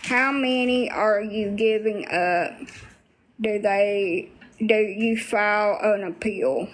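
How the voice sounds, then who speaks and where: A woman's voice: medium pitch, takes it slowly. A woman talking bluntly to viewers on a casual livestream, swearing freely.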